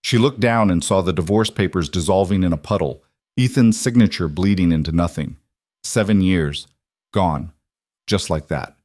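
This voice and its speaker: A man narrates a scripted drama story in a steady, measured voice that sits low. He is recorded close and dry, with no room sound behind him. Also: no room sound.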